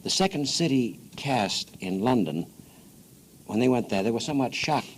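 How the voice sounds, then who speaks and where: A man's voice: medium pitch, expressive, moderate pace, slight background noise, poor audio. An American man hosting a radio interview in a nightclub, asking long winding questions and cutting in, on an old 1960s radio tape. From United States. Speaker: radio host.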